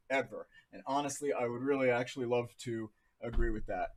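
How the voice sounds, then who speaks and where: A man's voice: medium pitch, brisk, few pauses. A man in his thirties from New Jersey, casually talking through charts on a live stream in a chatty, jokey way. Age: 30s. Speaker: crypto livestream host.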